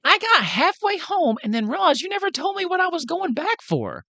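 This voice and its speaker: A man voicing an excited, nosy little girl in a tabletop game, in a high squeaky voice. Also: normal speed, gravelly, dry recording, heavily acted. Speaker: game master.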